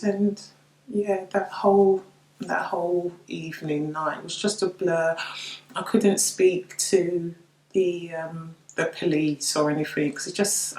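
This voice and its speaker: Slow, tearful woman. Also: fairly low pitch, echoey room, poor audio. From United Kingdom. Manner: halting, repeats words, tearful. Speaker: bereaved mother sharing her story. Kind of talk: personal testimony to camera.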